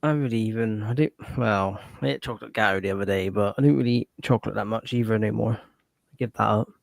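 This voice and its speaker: A man hosting a casual group chat, relaxed and chuckling. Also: on the low side, quick pace, vocal fry, no echo. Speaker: channel host.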